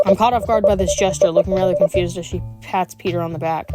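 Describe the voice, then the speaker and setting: A woman's voice: lowish voice, steady tone, quick pace, few pauses. A woman reading a visual novel aloud as a gaming streamer, with wry, playful asides. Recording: game music playing behind.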